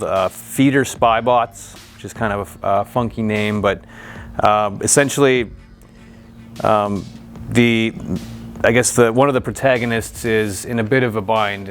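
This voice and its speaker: A man in his forties with a fairly low voice, speaking as an author about his writing. His delivery is thoughtful and measured, and he moves on into a reading from his novel. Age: 40s. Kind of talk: author talk and book reading.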